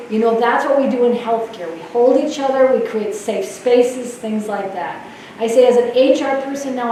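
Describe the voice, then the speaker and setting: Animated woman speaking in an echoey hall. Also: fairly high pitch. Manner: animated storyteller, laughs often. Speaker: nurse leadership speaker. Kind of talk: conference talk. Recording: echoey hall from far off, faint noise.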